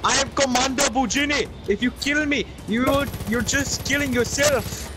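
A man's voice: very high-pitched, moderate pace, heavy background noise, pitched above the performer's own voice. A man putting on a whiny begging warlord. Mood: pleading. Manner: whiny, begging, self-important. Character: pleading boastful male enemy commander.

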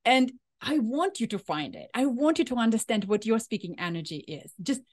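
A woman in her thirties coaching an audience on speaking style, her voice sitting a little high. She talks with fiery enthusiasm, pushing words hard and swinging her delivery for emphasis. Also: sing-song, moderate pace, darkish tone. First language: Ukrainian. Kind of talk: motivational talk.

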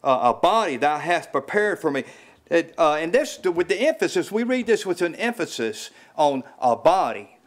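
A man preaching an informal sermon in a small house church, halting and repeating words with many fillers, his voice rising when he stresses a point. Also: on the high side. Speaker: lay preacher.

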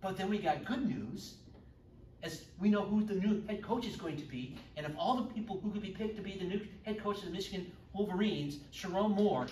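A man's voice: sits high, brisk, a little mellow, a little hiss or hum. A middle-aged man teaching a church confirmation class in a chatty way, joking with his students. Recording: echoey room, far from the mic.

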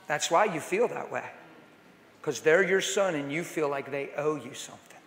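A middle-aged man preaching at a conference, telling a story in a conversational way that swings from hushed to loud. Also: fairly high pitch, moderate pace. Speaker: conference speaker. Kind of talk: storytelling sermon. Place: large conference hall. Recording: echoey hall with long reverb.

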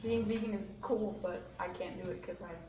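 A woman's voice: medium pitch, fairly even intonation, fairly quick, dull audio, heavy background noise. A young woman performing a spoken-word poem at a poetry slam, in a rhythmic rhyming delivery with self-deprecating touches. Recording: echoey room from a distant mic, faint ambience.

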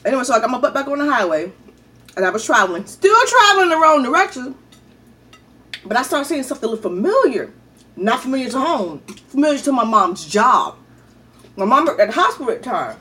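Animated high-voiced woman telling a story. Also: a little fast, far from the mic. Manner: animated, chatty, addresses viewers as y'all. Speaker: vlogger. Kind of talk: casual storytelling.

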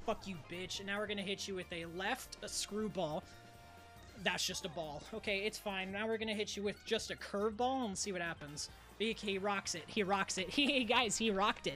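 A woman's voice: mid-range voice, fairly bright tone. A woman streamer swearing and muttering at a baseball video game as she plays, exasperated and a bit out of breath. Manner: profane, exasperated, talks to the game. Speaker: gaming streamer. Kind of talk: casual gameplay commentary.

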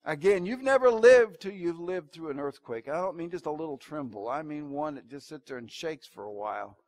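High-voiced man preaching with dramatic swings. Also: expressive, a little fast. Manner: dramatic preaching, swinging between loud emphasis and low hushed asides. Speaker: pastor. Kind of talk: evening church sermon.

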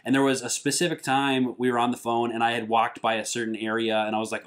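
A man's voice: mid-range voice, level tone, quick pace, hardly any pauses, fairly bright tone. A young man from Minnesota, a musician, chatting casually and joking with a friend, laughing often. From Minnesota, USA. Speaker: guest, musician. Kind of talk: casual chat.

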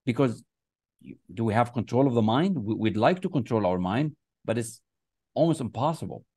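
A man's voice: mid-range voice, animated, normal speed, darkish tone, slightly rough, dry recording, clean studio sound. Emphatic man coaching with affirmations. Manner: emphatic and repetitive, chanting affirmations. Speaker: success coach. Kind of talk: motivational teaching. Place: online class, writing on screen with a mouse.

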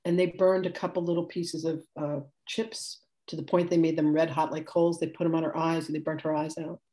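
A woman in her sixties with a low, mellow voice teaches a live spiritual class. She talks in a chatty, rambling way, laughing often and correcting herself as she tells stories. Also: level tone, a little fast. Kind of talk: live class demonstration, casual storytelling.

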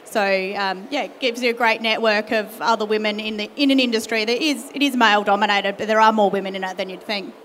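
A woman's voice: medium pitch, fairly even intonation, a little fast, few pauses, fairly bright tone, a little hiss or hum. A woman speaking on a panel as a brewer, enthusiastic with hesitant starts. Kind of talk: panel talk.

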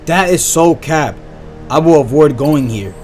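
A young man giving excitable, slang-heavy let's-play commentary on a horror game and reacting loudly to scares. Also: fairly high pitch, measured pace, faint music behind. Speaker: gaming YouTuber.

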